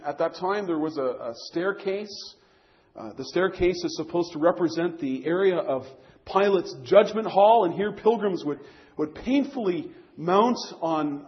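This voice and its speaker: High-voiced man preaching a sermon. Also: dull audio. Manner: earnest preaching with repeated phrases and restarts. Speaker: pastor.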